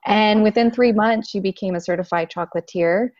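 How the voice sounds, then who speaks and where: A woman talking as an interview guest, telling stories in an animated way and acting out quoted lines. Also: medium pitch, a little fast, no echo, lo-fi sound. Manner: animated storyteller, acts out quotes. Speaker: guest, Akashic Records consultant. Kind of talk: casual interview chat.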